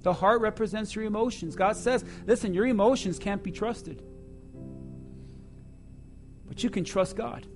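A man preaching a sermon to his church, swinging between loud emphasis and hushed asides. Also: sits high, a little slow, long pauses, over music. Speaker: pastor.

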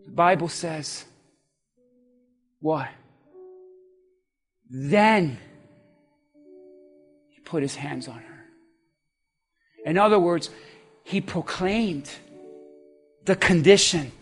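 A man's voice: a little high, drawn-out words, long pauses, slightly rough, faint music behind. A man preaching a sermon as pastor, fervent and exhorting his congregation.

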